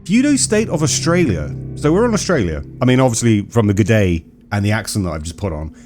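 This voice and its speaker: A man's voice: fairly low pitch, very animated, quick pace, darkish tone, soft background music. A man hosting a gaming channel, reacting jokily while reading game text aloud. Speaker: let's play gamer. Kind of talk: casual game commentary.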